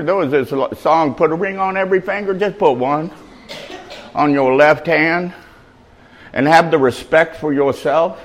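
A man giving an informal sermon as a faith-based mentor, mixing street slang with scripture read out slowly and loudly. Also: a little high, rough recording. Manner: animated, conversational preaching with street slang.

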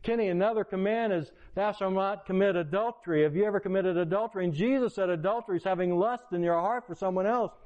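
A man's voice: fast, few pauses. A man, a pastor, preaching a sermon by retelling a personal story with quoted dialogue. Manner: animated retelling with quoted dialogue, pitch rising in excitement. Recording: lo-fi, dull sound.

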